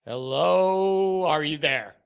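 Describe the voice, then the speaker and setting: A man hosting a live call-in football talk show, chatting with callers and breaking into excited shouting rants. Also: on the high side, takes it slowly, gravelly, clean tone.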